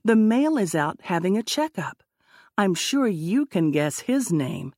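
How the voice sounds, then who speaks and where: A woman voicing a calm, knowledgeable male zookeeper explaining things in an audiobook. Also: mid-range voice, a little slow, no echo, clean studio sound.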